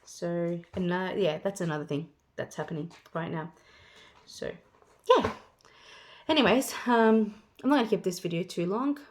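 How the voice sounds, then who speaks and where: A woman's voice: on the low side, moderate pace, slight background noise. A woman in her thirties talking casually to her viewers, rambling and chatty, acting out what other people say. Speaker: vlogger. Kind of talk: casual chat.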